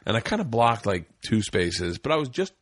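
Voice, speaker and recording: Middle-aged guy hosting a podcast, animated storytelling, swears a lot, dry close sound. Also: on the low side, brisk, no echo. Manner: animated storyteller, swears freely, acts out shouted quotes. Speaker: podcast host. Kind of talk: casual chat. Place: indoor studio room.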